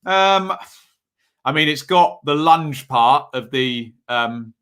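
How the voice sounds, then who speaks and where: Young male streamer, bright tone, casual rambling match commentary with self-mocking asides. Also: a little high, expressive, takes it slowly. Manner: chatty, rambling, self-deprecating. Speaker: watch-along host.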